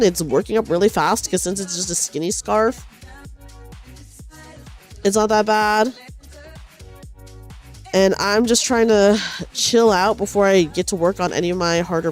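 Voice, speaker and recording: A young woman streamer talks casually as she knits, rambling and restarting her sentences in a self-deprecating way. Her voice sits at a middle pitch. Faint music plays behind her. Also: animated, moderate pace, pauses often, darkish tone. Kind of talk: casual chat while knitting.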